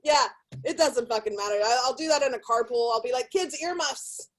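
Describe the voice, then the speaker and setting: A middle-aged woman from California with a high voice works through raunchy stand-up. She is blunt and profane, swearing casually throughout, and she is recorded in a hotel room. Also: quick pace, poor audio. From Sacramento, California. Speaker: stand-up comedian.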